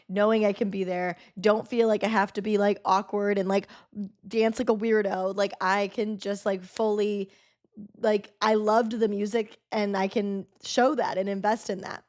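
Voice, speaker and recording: A young woman hosting a podcast, telling a story in loose, chatty talk full of fillers and swearing. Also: fairly high pitch. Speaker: podcast host. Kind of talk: casual storytelling monologue.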